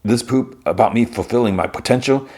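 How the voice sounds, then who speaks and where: A man's voice: mid-range voice, brisk, darkish tone, voice pushed up, lightly acted. A man quoting a brash, impatient young guy. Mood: incredulous. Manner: quoted with a raised, incredulous lift.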